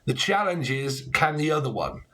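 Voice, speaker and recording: A man's voice: on the high side, sing-song, moderate pace, sharp tone. A man giving a casual tarot reading, talking bluntly and rambling, with plenty of swearing and slang. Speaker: tarot reader.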